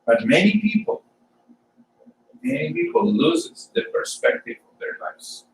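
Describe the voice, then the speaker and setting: Slow-speaking man. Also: high voice, huge pitch swings, gravelly, reverberant, recorded from a distance, noisy background. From Colombia. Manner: halting, repeats words, plain storytelling. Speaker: church speaker. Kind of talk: informal sermon testimony.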